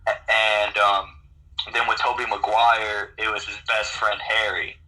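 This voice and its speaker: Bright-voiced, hesitant podcast co-host man. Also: lowish voice, little pitch movement, unhurried, low-quality recording. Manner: hesitant, lots of fillers and trailing off. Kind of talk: casual chat.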